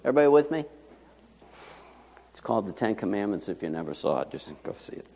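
A man preaching a sermon as pastor, in a conversational, animated way full of rhetorical questions. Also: on the low side, brisk, in a large hall.

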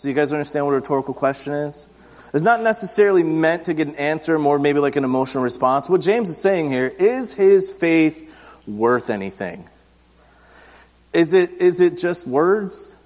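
A man's voice: on the high side, animated, normal speed, darkish tone. A man in his thirties preaching an interactive sermon, asking the congregation questions and telling self-deprecating stories in a conversational way. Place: church sanctuary. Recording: long church reverb.

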